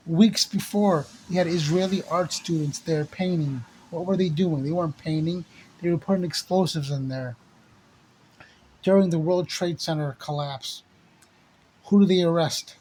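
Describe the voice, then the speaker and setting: A man's voice: a little high, darkish tone, slight background noise. A man delivering an angry, profane ranting monologue to the camera, repeating himself and hurling insults. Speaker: channel host.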